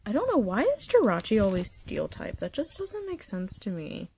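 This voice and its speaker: A young woman chatting casually about her collection, nostalgic and rambling, sometimes dropping to a soft whisper. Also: medium pitch, wildly swooping pitch, moderate pace, slight background noise. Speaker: vlogger showing a card collection. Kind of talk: casual chat. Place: bedroom.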